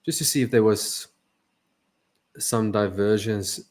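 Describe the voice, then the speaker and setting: A man's voice: lowish voice, slow pace, darkish tone. A man co-hosting a trading podcast, joking, laughing often and asking questions. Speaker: co-host. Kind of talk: casual podcast banter.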